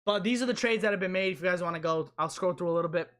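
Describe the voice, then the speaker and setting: A man's voice: high voice, very fast, a bit bright. A young man hosting a casual live stream, rambling and repeating himself as he answers chat.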